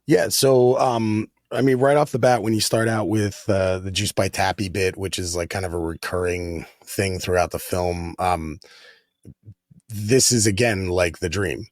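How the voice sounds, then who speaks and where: A man's voice: sits low, fairly even intonation, measured pace, dry recording, clean studio sound. A man guesting on a film podcast who talks casually about a movie, hesitating often as he works through his thoughts. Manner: hesitant, many fillers and restarts.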